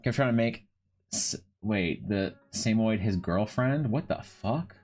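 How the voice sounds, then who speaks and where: A man's voice: lowish voice, expressive, a little slow, a little mellow. Man, streamer, casual rambling chat, cursing, restarts, faint music behind. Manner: rambling and profane, many restarts.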